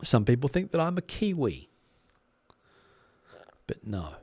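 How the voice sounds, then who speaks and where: A man's voice: mid-range voice, a little slow, breathy edge, no room sound. Rambling middle-aged Australian man, live-streaming. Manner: relaxed, rambling, many fillers and restarts. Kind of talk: casual live-stream chat reading comments.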